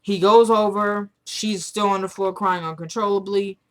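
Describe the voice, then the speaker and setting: A woman talking straight to her viewers as she walks through a TV episode scene by scene. She is chatty and loose, dropping quick asides and opinions between plot points in an everyday voice. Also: mid-range voice, steady tone. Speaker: TV episode recapper. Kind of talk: casual episode recap to viewers.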